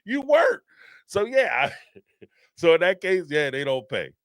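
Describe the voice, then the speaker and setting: A man hosts a live call-in show, his voice slightly high, slightly slow and smooth, captured with clean studio sound and no room echo. He rambles casually and animatedly through live-stream commentary, laughing often and acting out quotes.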